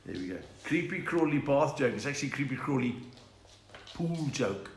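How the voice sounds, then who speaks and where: A South African man, a comedian, hosting a live online chat, telling quick-fire jokes and laughing at his own lines. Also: medium pitch, animated, reverberant, slight background noise. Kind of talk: live stand-up joke session. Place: room at home.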